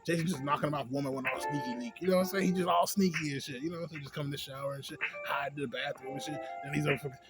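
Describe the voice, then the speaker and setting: A man's voice: fairly high pitch, very fast, hardly any pauses, loud music behind the voice. A man vlogging a casual movie review, rambling and cursing heavily. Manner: profane, rambling, animated.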